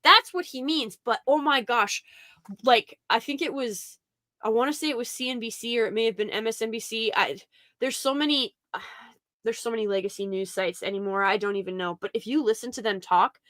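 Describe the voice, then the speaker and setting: A woman hosting a casual podcast chat, talking in a bright, clear, slightly high voice. She is animated and quick to act out what other people say, with plenty of "like" along the way. The sound is close and dry. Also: no echo. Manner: animated, quotes others in mock voices, frequent "like" fillers. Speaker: podcast host.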